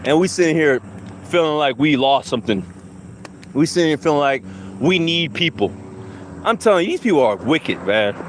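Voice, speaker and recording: A heated, profane man ranting into his phone as he walks a city street. His voice sits high and he hammers points with repetition. A faint hum of traffic sits under him. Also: sing-song, moderate pace, long pauses. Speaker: livestream host. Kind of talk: angry street rant. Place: outdoors, walking down a city street.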